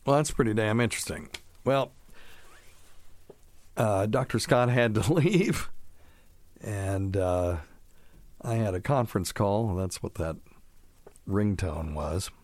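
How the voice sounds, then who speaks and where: A man's voice: on the low side, slow, long pauses, a little mellow, no room sound. A middle-aged man hosting a call-in radio show, talking casually and bluntly, with offhand scoffing asides. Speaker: radio show host answering caller questions.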